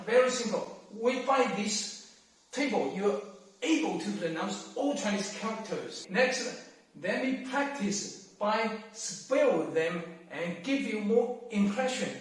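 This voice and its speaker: A man gives a language lesson at a very slow, deliberate pace, repeating each syllable and tone as a drill. His voice sits high. The room is very echoey, and he is heard from a distance. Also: animated. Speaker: language teacher. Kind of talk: explaining lesson. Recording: very echoey room, mic far off.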